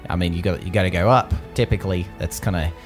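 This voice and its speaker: A man's voice: deep voice, fast, soft background music, lightly acted. A man voicing a nervous, chatty male wanderer who stammers and rambles in a put-on British accent. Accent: British-sounding put-on.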